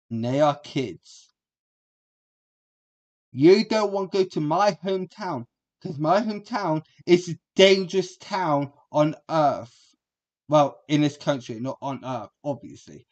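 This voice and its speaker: A man's voice: on the high side, darkish tone. A man, giving a rambling, crude and combative reaction commentary as a streamer.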